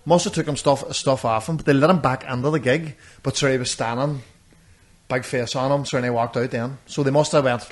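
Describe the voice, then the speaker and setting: A man, co-hosting a podcast and telling rambling, animated stories in casual chat. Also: mid-range voice, brisk. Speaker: podcast co-host. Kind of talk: casual storytelling.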